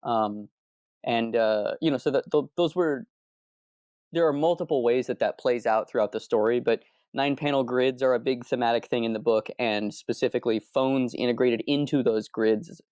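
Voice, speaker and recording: A man's voice: mid-range voice, moderate pace, a little mellow, no room sound, clean studio sound. A man from Arizona, a comic book co-creator, chatting loosely in an interview, rambling and correcting himself. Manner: rambling, self-correcting, candid. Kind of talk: casual interview chat.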